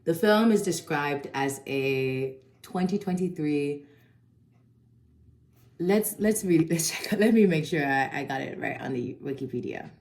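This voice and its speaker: A woman's voice: low voice, expressive, a little slow, a little mellow. A woman giving a casual, chatty film review full of slang and swearing. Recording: echoey room.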